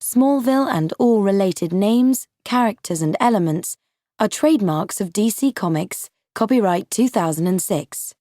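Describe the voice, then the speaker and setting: A woman narrating an audiobook for English learners, slow, clear and carefully paced. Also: mid-range voice, lively intonation, dark tone. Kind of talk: scripted narration of a graded reader.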